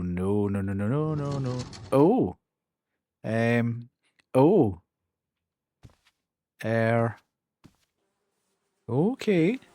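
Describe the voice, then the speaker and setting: A man's voice: mid-range voice, darkish tone. A Scottish man streaming a horror game live, reacting with frequent laughs and startled exclamations.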